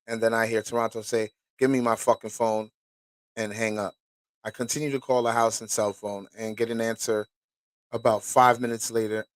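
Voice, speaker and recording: A man's voice: medium pitch, no room sound. Casual man reading documents aloud. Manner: casual, profane, pauses to react. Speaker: host.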